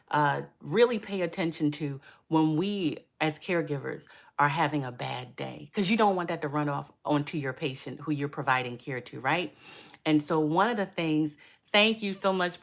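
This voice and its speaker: A middle-aged woman giving caregiving advice on a live stream, chatty, repeating words for emphasis and greeting viewers by name. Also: fairly low pitch. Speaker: caregiver coach.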